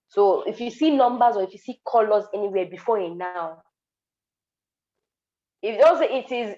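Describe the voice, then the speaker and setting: A woman teaches an online class at an average pitch, explaining step by step and repeating each word. She fills her pauses with ums, and her voice comes through dull lo-fi call audio. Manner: explains patiently, repeats words, many ums. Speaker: French tutor.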